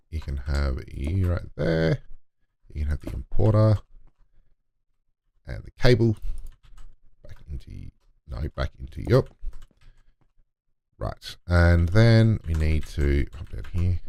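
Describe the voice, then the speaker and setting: A man's voice: extremely low pitch, creaky, darkish tone. A man giving casual gameplay commentary, muttering to himself and talking to in-game items as he builds. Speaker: let's play gamer.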